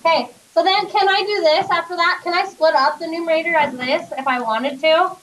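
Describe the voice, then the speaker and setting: A high-pitched woman teaches a classroom math lesson, quizzing her students and guiding them through each step. Her voice is picked up from a distance in the classroom. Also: a little fast, fairly bright tone, roomy sound. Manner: questioning, coaxing students step by step. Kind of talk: classroom lecture.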